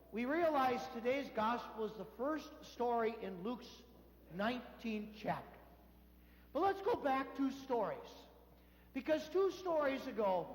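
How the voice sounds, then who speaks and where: A man giving a sermon as a priest, telling stories in a lively way and acting out the voices of the people in them. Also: very high-pitched. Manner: animated storytelling, acting out voices in quotes. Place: church. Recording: echoey church hall.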